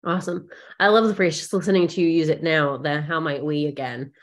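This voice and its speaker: Woman host, low voice, friendly, many ums. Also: steady tone, brisk. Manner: friendly, hesitant with many fillers. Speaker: podcast host. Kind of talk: casual interview questions.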